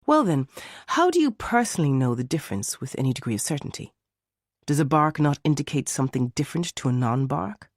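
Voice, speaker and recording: A man's voice: a little high, big pitch swings, fairly quick, no room sound, clean studio sound. A man doing a pressing defence barrister. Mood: probing. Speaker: defence lawyer.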